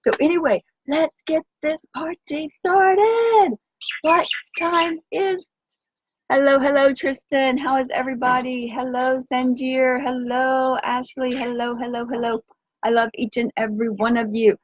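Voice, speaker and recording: On a windy day by the sea, an organic nutrition coach hosts an upbeat outdoor live stream. Her voice is high with fairly even intonation and an unhurried pace, recorded without echo but with the highs cut off. She speaks in a bubbly, sing-song manner and bursts into chants and cheers.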